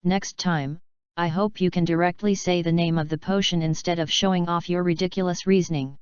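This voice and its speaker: A woman's voice: on the low side, fairly even intonation, brisk, darkish tone, clear, resonant tone, dry recording, lightly acted. A woman voicing a cold, sarcastic male potions professor in a storybook reading. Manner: cold, sneering. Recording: dull lo-fi dry recording.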